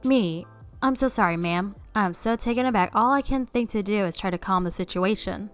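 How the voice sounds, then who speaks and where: A woman reading online stories aloud as a narrator in a steady storytelling way. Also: mid-range voice, a little fast, soft background music.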